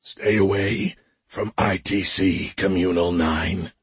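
A man's voice: low voice, steady tone, slow, slightly rough, dry recording, exaggerated voice. A man voicing a sick male survivor sending a strained, scratchy radio message. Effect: radio transmission.

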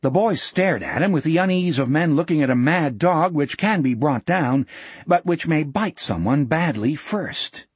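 A man narrating a novel in a measured, dramatic storytelling manner on a close mic. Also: fairly high pitch, animated, slightly rough, dry recording. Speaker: audiobook narrator. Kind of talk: scripted narration.

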